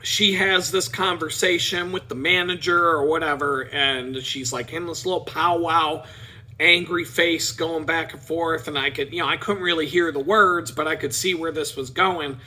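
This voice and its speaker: A middle-aged man spinning a personal anecdote on his vlog, lively and playful in delivery. His voice is very bright and edgy, with a husky grain, sitting a little high for a man. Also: normal speed. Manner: animated, playful, mimics people in quotes. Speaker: vlogger. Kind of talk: personal storytelling.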